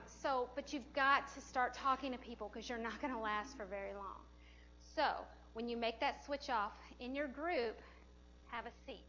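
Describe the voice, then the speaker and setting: Chatty woman teaching cpr, laughs a lot, a bit high, dull recording with some hiss in the room. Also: a bit bright. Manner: chatty and encouraging, laughs often. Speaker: CPR instructor. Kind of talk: hands-on class instruction. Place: classroom or training room.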